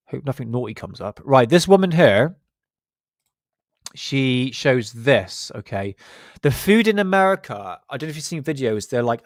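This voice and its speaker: A livestream host from Southwest England talks in a medium-pitched voice with a West Country accent. He chats casually, trading self-mocking banter, and the recording is dry.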